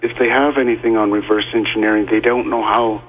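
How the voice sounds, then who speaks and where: A man speaks as a guest on a call-in radio show, stopping and restarting often, with plenty of fillers. His voice is husky and thin, coming through a narrow phone-line broadcast. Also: on the low side, fairly even intonation. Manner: halting, many fillers and restarts.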